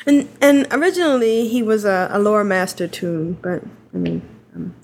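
A woman's voice: medium pitch, sing-song, normal speed. A woman co-hosting a casual gaming podcast, chatty and giggly, wandering through her story. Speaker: podcast co-host.

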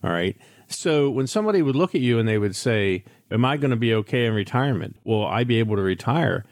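A man's voice: mid-range voice, animated, quick pace, no echo, studio quality. An older man hosting a financial radio show, telling frank stories in a candid, chatty way with many restarts. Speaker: financial advisor radio host. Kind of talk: radio talk monologue.

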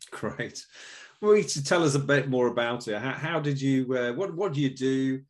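A man's voice: mid-range voice, measured pace. A man hosting an online panel, enthusiastic and hesitant, with frequent fillers. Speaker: event host.

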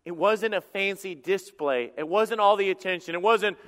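A man preaching a sermon as pastor, impassioned, swinging from loud outbursts to hushed lines. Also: high-pitched, normal speed, hardly any pauses. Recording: long hall reverb.

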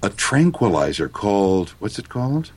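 A man's voice: on the low side, very animated, moderate pace, breathy edge. A man voice actor in an interview, wry and playful. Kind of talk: interview talk.

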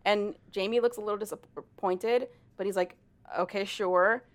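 Young woman co-host, lively storyteller, swaps into character voices, casual chat. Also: mid-range voice, moderate pace. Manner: animated, acts out characters' lines with swearing and laughter. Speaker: podcast co-host.

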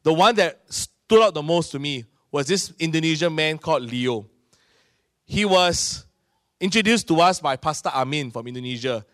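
Singaporean pastor preaching with animated storytelling. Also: male voice, fairly high pitch, moderate pace, no echo, studio quality. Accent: Singaporean English. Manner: animated storytelling, acting out voices of people in his stories. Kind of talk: sermon.

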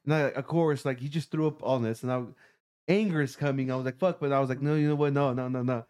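A man telling a profane story to friends, animated and laughing as he goes. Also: medium pitch, fast, clear, resonant tone. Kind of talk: casual storytelling among friends.

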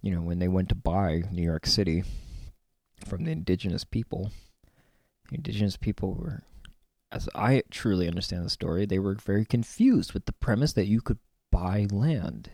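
A man giving a meandering, reflective spiritual monologue about a card reading, musing aloud with many pauses and the odd whispered aside, speaking from his own land. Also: low voice, lively intonation, a little mellow, no room sound, clean studio sound. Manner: meandering and musing, with many fillers and stretched-out words.

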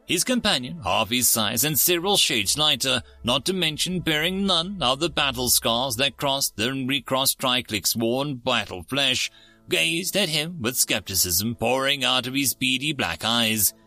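A man narrating a story in a steady storybook reading. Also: medium pitch, unhurried, soft background music.

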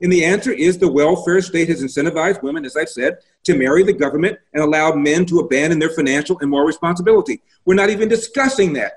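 A man's voice: sits high, rough recording. A man, a guest commentator in a political interview, arguing emphatically and rattling off statistics.

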